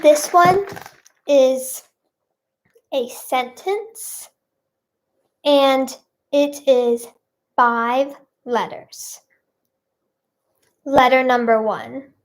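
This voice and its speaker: A woman's voice: sits high, very slow, long pauses. A woman hosting a playful live stream, chatting to viewers and reading out their guesses in a bubbly way. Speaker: livestream host.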